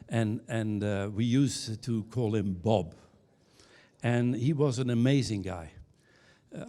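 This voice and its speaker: A man speaks from a conference stage in a mellow, warm voice. His pitch sits in the middle range for a man. He builds his points through anecdotes, stumbling over a few restarts before landing the punchline. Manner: anecdotal storyteller with halting restarts, ending on punchlines. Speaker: keynote speaker. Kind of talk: conference keynote talk.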